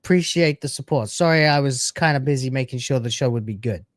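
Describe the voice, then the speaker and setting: A man's voice: mid-range voice, a little fast, no echo, clean studio sound. A man hosting a live stream, chatting casually with brash, sarcastic, crude banter.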